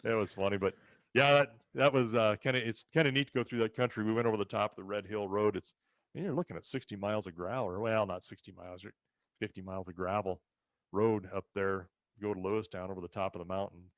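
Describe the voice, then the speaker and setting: Animated male ranch storyteller. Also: fairly low pitch, fast, dry recording, highs cut off. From rural western United States. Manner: animated storyteller who acts out other people's lines. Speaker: ranch co-host telling family stories. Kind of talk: casual storytelling chat.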